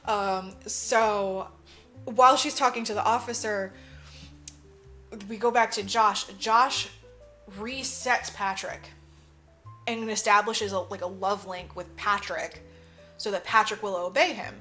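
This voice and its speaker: A podcast co-host with a bright, forceful, medium-pitched voice animatedly recaps a movie plot in casual chat, acting out characters and swearing freely. She speaks slowly with fairly even intonation and frequent pauses, over soft background music.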